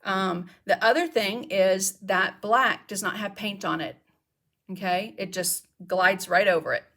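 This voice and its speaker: A woman's voice: medium pitch, a little slow, fairly bright tone. Chatty woman demonstrating crafts. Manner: chatty, explains while working, answers viewer questions. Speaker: craft instructor. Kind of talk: casual live craft demonstration.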